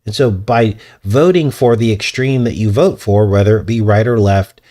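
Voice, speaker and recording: A man's voice: lowish voice, moderate pace, warm tone. A man hosting a casual livestream, chatty and self-deprecating, often chuckling as he talks. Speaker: host.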